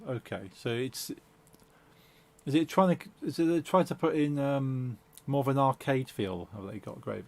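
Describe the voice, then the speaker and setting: A man's voice: mid-range voice, darkish tone. A man streaming a game, chatting casually and hesitantly with lots of fillers and restarts. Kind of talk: casual gaming chat.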